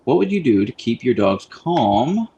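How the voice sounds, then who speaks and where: A man hosting a casual live stream, rambling in a friendly way with lots of fillers, speaking into a boom mic. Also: big pitch swings, a little slow, gravelly, mellow, highs cut off, a little hiss or hum. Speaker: livestream host.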